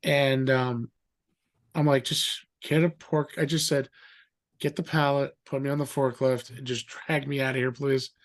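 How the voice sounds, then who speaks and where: A middle-aged man telling a story in a rambling, animated way, acting out the voices of others. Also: medium pitch, a little slow. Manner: animated, acts out quoted voices; rambling with fillers and restarts. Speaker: guest. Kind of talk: casual storytelling.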